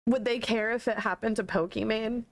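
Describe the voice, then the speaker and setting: A woman streamer, upset and close to tears, talking haltingly with many fillers in a clip played from her stream. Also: fairly high pitch, fairly even intonation, no echo. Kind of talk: emotional stream talk.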